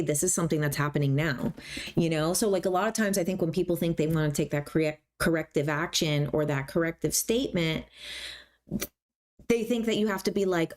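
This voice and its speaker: A woman's voice: lowish voice, fairly quick. A woman hosting a self-help talk, speaking casually and conversationally with many fillers. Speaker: host.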